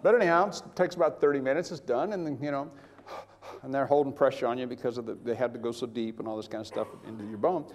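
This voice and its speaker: An older man preaching, telling a personal story with animated, chuckling delivery and acting out the voices of others in his account. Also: mid-range voice, quick pace, in a large hall, a little hiss or hum. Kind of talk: sermon testimony.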